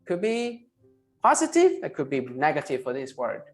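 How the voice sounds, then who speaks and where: A male English teacher with a Vietnamese accent leads an online class. He models each word slowly and tags most phrases with "right?" or "huh?". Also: on the high side, wildly swooping pitch, faint music behind. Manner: ends phrases with tag questions "right?" and "huh?"; slow, emphatic model pronunciations. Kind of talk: online class, pronunciation drilling.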